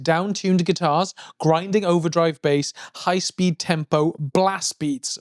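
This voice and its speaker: A man co-hosting a podcast, chatting in a rambling, jokey way and breaking into high yelps. His voice sits fairly high, recorded close and dry with no room sound at all. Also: darkish tone, dry recording. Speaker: podcast co-host. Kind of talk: casual chat.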